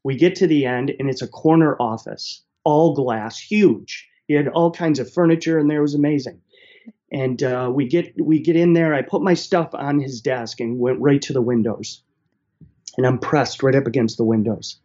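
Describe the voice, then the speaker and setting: A man's voice: mid-range voice, normal speed, dull audio. A middle-aged man, casually telling a personal story and acting out the voices of the people in it. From central New York. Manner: animated, acts out the voices of people in his story. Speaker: guest telling his life story.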